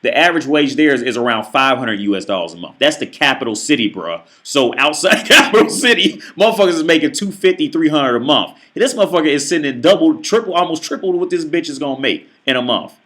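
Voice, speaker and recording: A man's voice: fairly high pitch, sing-song, fast, hardly any pauses, fairly bright tone. A man ranting through a reaction video commentary, profane and emphatic, often stammering and restarting his sentences.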